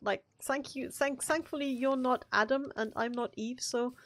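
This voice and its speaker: A woman's voice: high-pitched, fairly even intonation, normal speed, fairly bright tone. A woman co-hosting a gaming live stream, chatting casually and telling rambling, playful stories.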